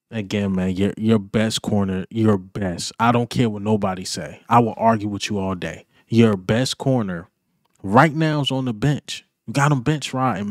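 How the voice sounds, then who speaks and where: A man delivers a sports fan's reaction rant at an unhurried, deliberate pace. He hammers his points with frustrated repetition and casual slang. The recording is close and dry, with no room sound. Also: lowish voice, dry recording. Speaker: sports fan vlogger.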